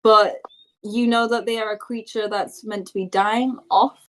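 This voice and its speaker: A woman's voice: medium pitch, fairly even intonation, measured pace, a bit bright. A woman narrating a tabletop game as game master. She often stops and restarts her sentences as she describes the scene. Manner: stumbling, self-correcting narration.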